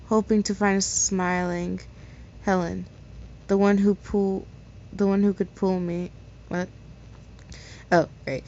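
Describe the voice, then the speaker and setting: A woman's voice: medium pitch, mellow. Casual woman reading a fan story. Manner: casual, stumbles and corrects herself. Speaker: story reader. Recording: slightly dull lo-fi recording.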